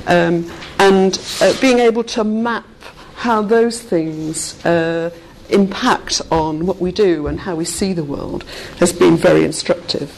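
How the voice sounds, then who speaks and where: Woman, lowish voice, conference speaker, thoughtful and unhurried. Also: creaky, a little mellow, a little hiss or hum, rough recording. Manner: measured, reflective, pausing often to find words. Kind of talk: conference presentation.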